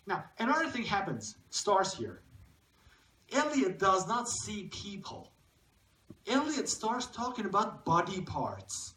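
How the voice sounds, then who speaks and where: Guy w teaching a poem, bit high voice, roomy hall, mic far off. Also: sing-song, measured pace, pushed and bright. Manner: reads poem lines aloud and comments, asks the audience questions. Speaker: literature lecturer. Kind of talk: lecture to a live audience. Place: cinema hall.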